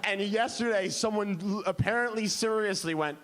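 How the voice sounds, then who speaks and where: A man's voice: high voice, moderate pace. A man performing a stand-up comedy set, talking animatedly and acting out the voices in his stories. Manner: animated, acts out voices in quotes. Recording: live club recording with audience noise.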